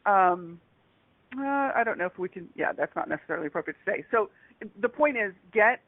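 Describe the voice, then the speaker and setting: A woman who is a guest on a radio talk show, speaking in a rambling, halting way with many restarts. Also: mid-range voice, expressive, dry recording. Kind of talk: casual radio interview chat. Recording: dry, tinny phone-line sound.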